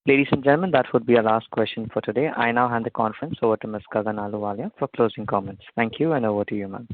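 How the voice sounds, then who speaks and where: A man's voice: medium pitch, racing. A man moderating a conference call, polite and formulaic. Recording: dry tinny phone line.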